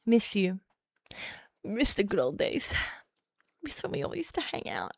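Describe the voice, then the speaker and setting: A woman's voice: mid-range voice, huge pitch swings, unhurried, gravelly, darkish tone, no echo. Young woman streamer, sarcastic rambling chat, dry close-mic sound. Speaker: livestream host. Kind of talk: casual livestream chat.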